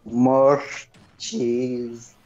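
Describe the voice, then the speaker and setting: A man's voice: mid-range voice, level tone, very slow, darkish tone, lo-fi sound. Young guy rambling thru a story at home, faint game music behind. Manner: rambling storyteller, leans on "freaking". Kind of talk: casual chat.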